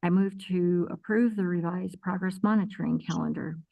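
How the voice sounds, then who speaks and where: A woman's voice: on the low side, steady tone, moderate pace, vocal fry, no echo, lo-fi sound. A woman board member making hesitant, thinking-aloud remarks at a public meeting.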